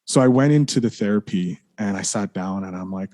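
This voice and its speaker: A man with a fairly low, mellow voice tells a candid personal story as a podcast guest. He rambles, leans on "like," restarts his sentences, and apologizes for swearing. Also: fairly quick.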